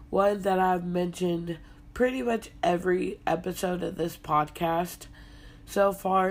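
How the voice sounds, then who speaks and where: A young woman hosting a casual solo podcast, congested and hoarse from being sick, talking in a low-energy, laid-back way. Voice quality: hoarse, husky from illness. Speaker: podcast host.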